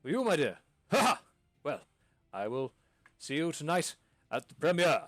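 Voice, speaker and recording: A man's voice: a little high, animated, moderate pace, no room sound, pitched above the performer's own voice, natural voice. A man voicing a pompous, touchy older male noble patron of the arts who speaks in a grand, huffy way. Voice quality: grandly over-enunciated, huffy.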